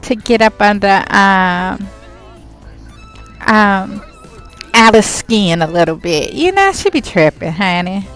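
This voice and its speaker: A woman's voice: mid-range voice, animated, takes it slowly, pauses often, fairly bright tone, faint music behind. Woman doing a sassy, teasing party girl. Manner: sassy, teasing, drawled slang. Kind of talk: voicing a life-sim game character.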